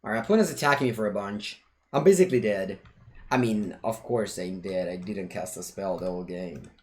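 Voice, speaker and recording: A man's voice: on the low side, a little fast. A man, chatting playfully through casual commentary while playing a digital card game. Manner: chatty and playful, breaking off to talk to his cat. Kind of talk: casual live-play commentary.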